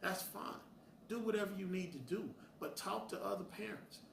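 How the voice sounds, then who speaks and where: A man's voice: high voice, normal speed, gravelly, a little hiss or hum. Blunt man talking in a roomy space. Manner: blunt, preachy, heated bursts. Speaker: host. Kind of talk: opinionated direct-to-camera talk. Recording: roomy sound from a distance.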